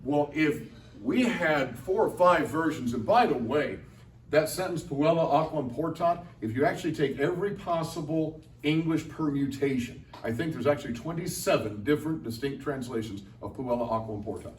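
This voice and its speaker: A man's voice: fairly high pitch, expressive, moderate pace, slight background noise. Playful middle-aged man lecturing students. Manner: chatty and playful, asks the audience questions. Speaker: Latin teacher and translator giving a talk. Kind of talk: lively classroom-style lecture to students. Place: large lecture room at a convention. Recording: echoey room, voice from far off.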